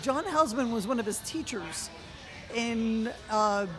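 A slow, unhurried co-host telling stories in a casual chat, breaking into chuckles often. A faint bed of music sits behind the voice. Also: medium pitch, expressive, a bit bright. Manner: chuckling storyteller.

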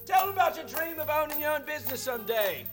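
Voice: high-pitched, lively intonation, fast. Actor as a jovial Cockney comedian showing off his carriage, music underneath. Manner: jovial, hearty chuckling. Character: Cockney comedian man turned carriage driver, cheerful and boastful. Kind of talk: radio play acting on stage.

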